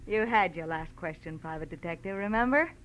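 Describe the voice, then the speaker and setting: A woman playing a sharp-tongued, flippant young woman in an old-time radio drama. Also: fairly low pitch, expressive, fairly quick, a little hiss or hum, low-quality recording. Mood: sarcastic. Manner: sarcastic, flippant. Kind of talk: 1940s radio acting.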